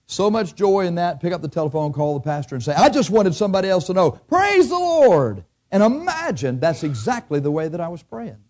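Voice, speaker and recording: Man preaching, sermon, slightly high voice, mellow tone, chatty with rhetorical questions. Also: big pitch swings, fast talker, few pauses. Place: church.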